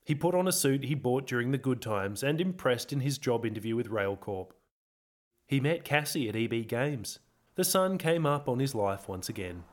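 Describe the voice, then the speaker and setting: A man reading his own audio novel as narrator, in a dry, measured storytelling voice. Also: mid-range voice, lively intonation. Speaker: author and narrator.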